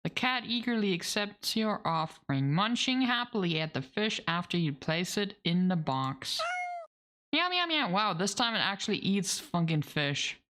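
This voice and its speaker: A woman's voice: fairly low pitch, expressive, normal speed, few pauses, a bit bright. A woman streaming a game, reading its narration aloud and reacting with laughs and casual swearing. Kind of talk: let's play commentary, reading game text aloud.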